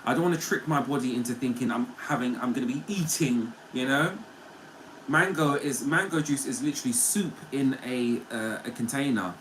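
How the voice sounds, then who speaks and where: A man's voice: mid-range voice, normal speed, a bit bright, slight background noise, low-quality recording. A man hosting a casual livestream, chatting playfully with viewers and reading their comments. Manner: chatty and playful, often laughing. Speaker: livestream host.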